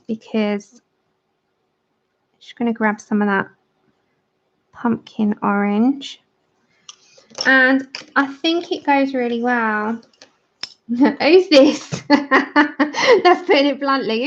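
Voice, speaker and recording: A British woman talks casually through a livestream while she colours, chatting with viewers and laughing often. Her voice sits a little high. The sound is dull and lo-fi, like a home stream. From Britain. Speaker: livestream host.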